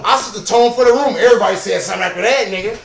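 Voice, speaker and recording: A man with a very high voice tells a story in a loud, profane rush. He sounds far from the mic in a roomy space, with crowd noise behind him. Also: rapid-fire, creaky. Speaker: podcast co-host telling a story. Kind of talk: casual chat.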